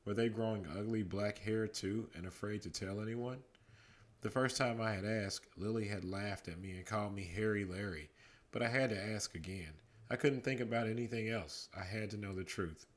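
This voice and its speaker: A man reads a bedtime story aloud in a calm, measured way. His voice sits a little low and stays unhurried, like a parent settling kids for the night. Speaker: dad reading a bedtime story.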